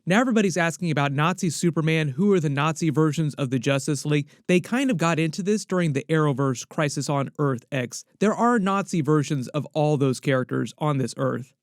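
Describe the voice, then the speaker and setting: A man talks through theories in an easygoing, chatty commentary, often adding "like" as he goes. His voice sits a bit high. The sound is dry and close, with no room echo. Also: fairly quick, few pauses. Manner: chatty, leans on "like", speculative. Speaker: YouTube pop-culture commentator. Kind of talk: casual video commentary.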